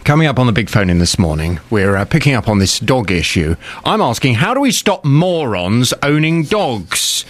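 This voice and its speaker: A man's voice: mid-range voice, big pitch swings, moderate pace, few pauses. A man presenting a radio phone-in, bantering on air from a studio microphone in a teasing, mock-indignant way.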